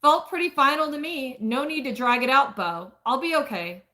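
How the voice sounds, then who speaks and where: A woman's voice: high-pitched, moderate pace, bright, forceful tone, pitched above the performer's own voice. A woman voicing a hurt, defiant young woman from a romance novel, snapping and tearful.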